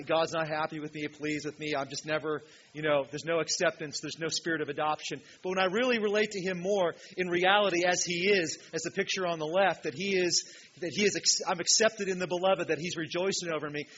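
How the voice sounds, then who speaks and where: A male pastor preaching a sermon in a church, emphatic, swinging from loud, ringing peaks to quiet asides. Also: on the high side, fairly even intonation, a little fast. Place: church hall with a projection screen. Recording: dull lo-fi sound with faint hiss.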